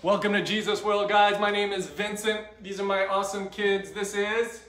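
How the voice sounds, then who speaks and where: A man's voice: high voice, little pitch movement, normal speed, a bit bright. A man hosting a children's church show, upbeat and leading the kids in call-and-response. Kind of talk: kids' Bible lesson. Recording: echoey room.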